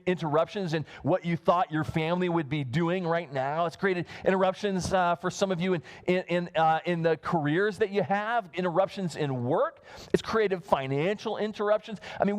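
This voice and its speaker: A man with a high, light voice preaches a sermon on a church livestream. He talks in a loose, rambling way, doubling back and filling gaps with little fillers as he goes. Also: normal speed. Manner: rambling and self-interrupting, with many fillers and restarts. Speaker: pastor. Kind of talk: casual conversational sermon.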